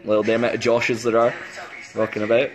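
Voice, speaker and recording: A man's voice: medium pitch, little pitch movement, a little fast. A young man in his twenties with a Scottish accent, chatting casually and teasingly on a phone live stream, full of ums and jokes. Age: 20s. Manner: teasing, jokey, rambling with fillers. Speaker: band member.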